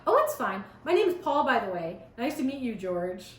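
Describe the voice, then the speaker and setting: A teenage girl voicing a gentle young man who talks softly and soothingly while she reads her own fan story. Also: on the high side, big pitch swings, normal speed. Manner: soft, cooing. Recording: roomy echo.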